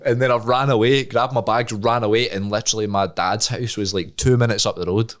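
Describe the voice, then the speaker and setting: A man's voice: mid-range voice, brisk, hardly any pauses. A young Scottish man, a podcast co-host, telling a story in casual chat and acting out the voices of the people in it. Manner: animated, laughing, acts out voices in his stories.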